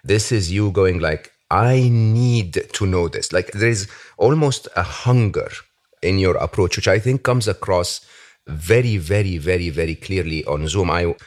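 A man with a very low, deep voice hosts a relaxed interview. He speaks thoughtfully, pausing to pick his words. He breaks into easy laughs along the way. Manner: reflective, pausing often, laughs easily. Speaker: podcast host. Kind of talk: casual interview chat.

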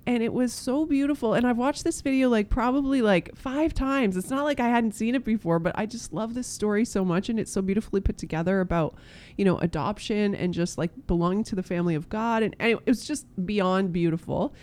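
A woman's voice: medium pitch, brisk, a little mellow. Earnest woman co-host, laughing often. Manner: earnest, laughs often, says beautiful a lot. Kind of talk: casual chat.

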